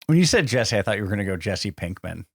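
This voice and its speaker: Male co-host, dry close recording, lively pitch, wry deadpan quips in casual chat. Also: quick pace, vocal fry, breathy edge, no room sound. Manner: dry, joking asides. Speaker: podcast co-host. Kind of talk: casual chat about films.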